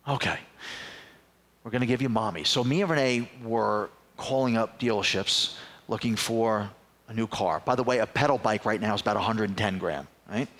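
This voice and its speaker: A man's voice: fairly low pitch, normal speed. A middle-aged man, a pastor preaching a sermon and telling personal stories, acting out other people's voices along the way. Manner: animated storyteller who acts out other voices. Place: church sanctuary.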